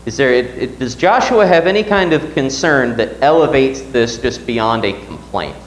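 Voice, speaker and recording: Lively man teaching a church Bible class. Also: medium pitch, moderate pace, echoey room, slight background noise, rough recording. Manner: reads scripture aloud and asks the class questions.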